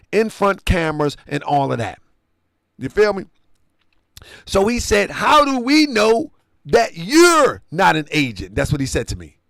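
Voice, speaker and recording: A man with a high, gravelly voice tells a story in casual commentary, his pitch leaping up and down as he acts out both sides of a conversation. He keeps checking that the listener follows along. The recording is dry and close. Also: fairly bright tone, no echo. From Baltimore area. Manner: conversational, retells dialogue, asks listener to follow. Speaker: online show host.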